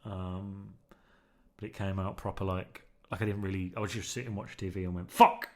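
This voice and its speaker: A man's voice: low-pitched, level tone, fairly quick. A man vlogging in a loose, meandering monologue, full of ums and restarts, often tagging sentences with "man", while testing a newly bought mic. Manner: meandering, filler-heavy, keeps saying "man". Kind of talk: casual rambling monologue. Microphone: newly bought mic, under test.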